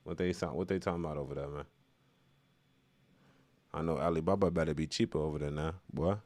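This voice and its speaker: A man's voice: a bass voice, steady tone, fast talker, a little mellow, no room sound. A man from Chicago doing loose, rambling live-stream commentary, reading chat and laughing at his own remarks.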